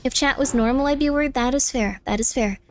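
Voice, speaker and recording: A young woman streaming a game live, chatting fast and often repeating herself, with sudden exasperated outbursts. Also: high-pitched, a little hiss or hum. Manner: chatty, repeats phrases, bursts of exasperated yelling.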